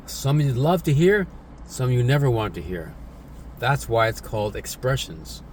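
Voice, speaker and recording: An English teacher, a man with a mid-range, somewhat dark voice, gives a casual spoken lesson at normal speed in an animated way. He repeats himself and tacks tag questions like "right?" and "isn't it?" onto his points. There's slight background noise.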